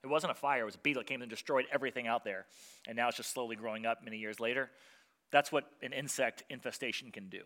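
Bright-voiced male pastor preaching animatedly. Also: medium pitch. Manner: animated storytelling, acting out voices of biblical figures; swings from loud and emphatic to quiet and soft. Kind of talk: sermon.

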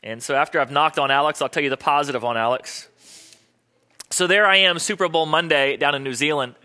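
A man's voice: on the high side, fairly quick, bright, forceful tone. A middle-aged man preaching as a pastor, telling chatty personal stories in a sermon. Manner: chatty, storytelling, quotes people in voices.

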